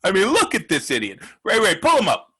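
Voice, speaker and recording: An actor playing a brash, foul-mouthed male sports show host who rants loudly and mocks his targets in a comedic sports segment. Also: high voice, huge pitch swings, fairly quick, husky, exaggerated voice. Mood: ranting. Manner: loud, ranting, profane, mocking.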